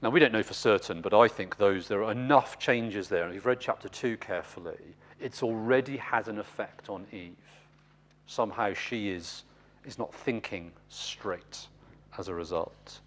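A man's voice: on the low side, moderate pace, a bit bright, slight background noise. A man giving a teaching seminar on scripture, explaining points emphatically and addressing his listeners directly. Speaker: seminar speaker.

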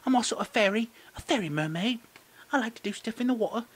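A man putting on a high, sing-song voice for a showy male fairy mermaid creature. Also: lively intonation, fast, fairly bright tone, husky, heavily acted. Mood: preening.

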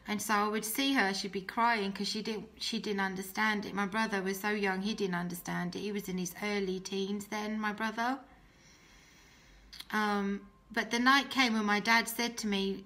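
A young woman giving an emotional personal testimony, earnest and often dropping to a soft voice. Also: medium pitch, steady tone, normal speed. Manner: earnest, emotional, drops soft and quiet when quoting herself. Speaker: guest telling her testimony.

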